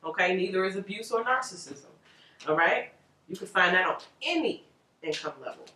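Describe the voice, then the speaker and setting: A woman giving a casual tarot reading to viewers, animated and rambling, with frequent laughs. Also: mid-range voice, moderate pace, distant mic, a little hiss or hum. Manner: animated, chatty, loose and rambling, laughs often. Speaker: tarot reader. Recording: roomy echo, voice off-mic.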